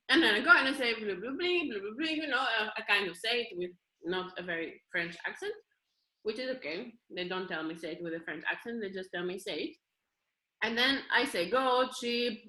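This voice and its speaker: A woman's voice: medium pitch, sharp tone, reverberant, rough recording. A woman with a Greek accent, Greek her first language, speaking in a meandering, hesitant monologue full of restarts. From Greece. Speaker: performer. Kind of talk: rambling spoken monologue.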